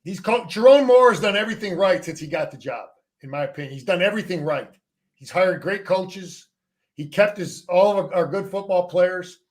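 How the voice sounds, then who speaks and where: This is a middle-aged man with a fairly high voice who has coached and played the game. He talks sports casually and with force, tripping over his own restarts and throwing in a mild curse to make a point. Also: normal speed. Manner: emphatic, repeats words and restarts, salty. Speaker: former player and coach, guest.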